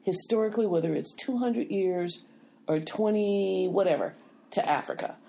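The podcast host here has a gravelly, dark, mid-range voice and a moderate pace. In a casual chat she is insistent, keeping the floor with "wait a minute" and asking to be allowed to finish her point.

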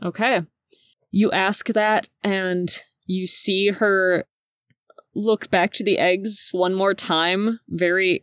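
A woman's voice: fairly low pitch, no echo. A woman narrating as game master of a tabletop game, describing scenes. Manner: descriptive, lively.

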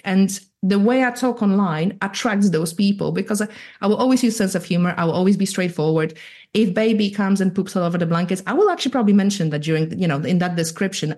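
A woman in her thirties from Poland with a light Polish accent, a photographer chatting as a guest in a casual, straight-talking, lively way. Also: mid-range voice. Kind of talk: casual interview chat.

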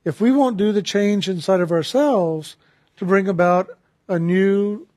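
A man who is a spiritual teacher, retelling a conversation in a calm, reflective talk with repeated phrases. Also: high-pitched, unhurried, no echo, studio quality.

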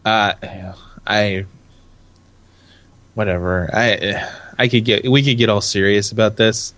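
Rambling laid-back man, low voice. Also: steady tone, takes it slowly, fairly bright tone. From California. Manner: rambling, self-interrupting, laughs often. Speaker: podcast co-host. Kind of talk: casual chat.

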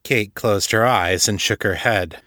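A man narrating a fantasy audiobook in a steady, even storytelling voice. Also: fairly low pitch, a little slow, dry recording, studio quality. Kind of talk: scripted narration.

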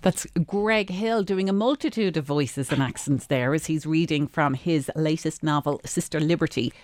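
A woman's voice: low voice, normal speed, darkish tone, no echo, clean studio sound. A woman hosting a radio book club, explaining characters with enthusiasm. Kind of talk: radio interview.

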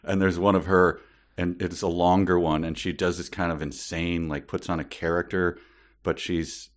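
A man's voice: low-pitched, little pitch movement, moderate pace. A man co-hosting a casual book podcast, chatty and amused as he tells stories. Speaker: podcast co-host.

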